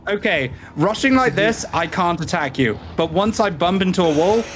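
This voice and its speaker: A man's voice: high voice, expressive, moderate pace, fairly bright tone, slight background noise. A man chatting casually while gaming over voice chat, goofing around and repeating his jokes. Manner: playful, goofy, repeating jokes. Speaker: player. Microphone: voice chat headset.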